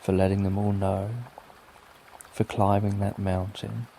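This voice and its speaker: A middle-aged British man telling a soothing bedtime story in a gentle, lulling way. His voice sits low, dark and mellow, with a gravelly edge. Soft rain falls faintly behind him. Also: monotone, a little slow, a little hiss or hum. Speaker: sleep story narrator.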